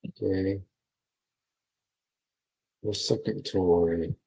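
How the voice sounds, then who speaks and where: A man's voice: low voice, fairly even intonation, extremely slow, creaky, mellow, husky, low-quality recording. A man hosting a livestream, reading passages aloud and commenting with emphatic repetition and frequent fillers. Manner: emphatic, repeats key phrases, many fillers. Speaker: livestream host. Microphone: computer mic while streaming.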